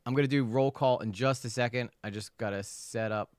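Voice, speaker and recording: A man's voice: mid-range voice, a little fast, dry recording, studio quality. A man hosting a casual livestream, chatting animatedly, repeating phrases and reading out viewers' names from the chat. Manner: animated, repeats himself, reads chat aloud. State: recovering from illness. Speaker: livestream host.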